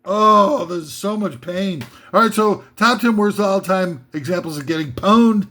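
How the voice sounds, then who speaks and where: An American man hosting a comedic top ten list, rambling and interrupting himself, now and then shouting out impressions. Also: sits high, a little slow, noisy background.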